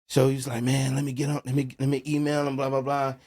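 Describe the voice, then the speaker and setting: Man telling a lively personal story. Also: mid-range voice, fast, slightly rough. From New Orleans, USA. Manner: animated storyteller who acts out quoted dialogue, peppered with "bro" and "man". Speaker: music producer guest. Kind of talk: casual podcast interview storytelling.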